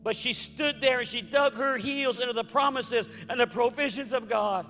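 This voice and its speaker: A man preaching a fervent sermon as pastor, building to loud declarations. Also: very high voice, moderate pace, hardly any pauses, long reverb tail, faint music behind. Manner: fervent preaching, rising to shouts.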